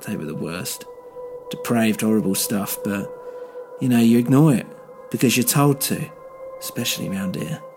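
A man's voice: medium pitch, darkish tone, natural voice. A man playing a bitter, world-weary old man posing as a police officer, who talks scornfully.

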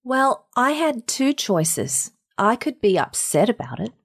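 A woman's voice: a little high, slow pace. Australian woman telling a story. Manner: animated, laughing, acts out quotes. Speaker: guest, voiceover artist and singer. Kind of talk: conversational storytelling.

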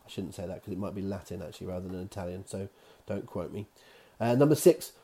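Mellow low-voiced quiz host. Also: male voice. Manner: repeats each question slowly, chatty asides. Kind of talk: reading out quiz questions. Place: own office.

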